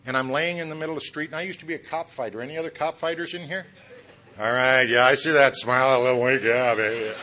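A middle-aged man tells his story at a recovery meeting, turning his own failings into jokes. His voice is bright and forceful, and he keeps chuckling at his own lines. He throws asides straight at the listeners. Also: medium pitch. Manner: talks straight to the audience with asides. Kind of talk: humorous personal testimony.

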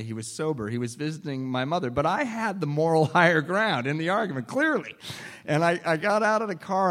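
A man telling a candid personal recovery story in a wry, self-deprecating way, often restarting sentences and chuckling. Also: mid-range voice. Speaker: speaker sharing a recovery story.

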